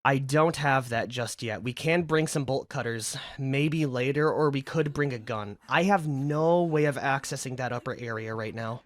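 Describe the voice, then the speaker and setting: A man giving casual, excitable commentary as he plays a video game. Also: medium pitch, moderate pace, hardly any pauses, dry recording. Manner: chatty, excitable reactions. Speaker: gaming video creator.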